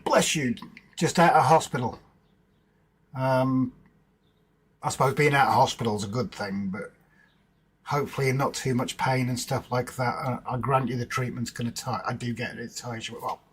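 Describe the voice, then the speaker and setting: A man in a relaxed home stream, chatty and informal, answering the live chat one viewer at a time. His voice is husky and sits at a middling pitch, and he trades easy banter with his partner off to the side. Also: moderate pace, low-quality recording. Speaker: livestream host. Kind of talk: casual livestream chat.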